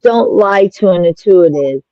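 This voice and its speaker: A co-host chatting casually on a livestream and backing up the guest with slow, agreeing remarks. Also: mid-range voice, animated, no room sound, lo-fi sound.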